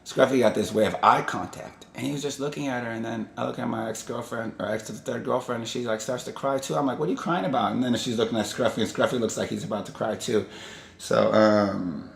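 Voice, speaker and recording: A man's voice: medium pitch, steady tone, fairly quick, gravelly. A man hosting his own vlog, telling stories in a casual, rambling and digressive way. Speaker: vlog host. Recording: echoey room.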